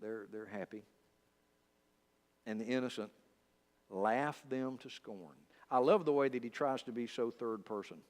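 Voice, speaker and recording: A male pastor teaching a Bible study in a conversational way, speaking straight to his listeners with lively asides. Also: medium pitch, moderate pace. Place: church. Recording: long church reverb.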